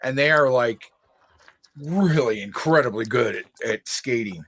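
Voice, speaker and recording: A man chatting casually on a stream, hesitant and filling pauses with uh and um. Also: mid-range voice, a crowd in the background. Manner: hesitant, lots of uh and um. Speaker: guest on stream. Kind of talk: casual chat.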